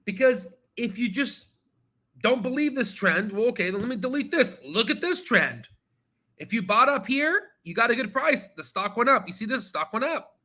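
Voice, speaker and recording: A man hosting a stock trading channel, talking casually and excitably while going through charts, swearing now and then and repeating himself as he rambles. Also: very high-pitched, normal speed. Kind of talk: casual screen-share market commentary.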